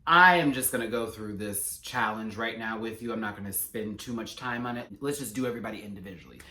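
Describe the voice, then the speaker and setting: A man giving a casual, sassy episode recap and review with animated, slangy asides. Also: medium pitch. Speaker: reality TV reviewer. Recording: roomy echo.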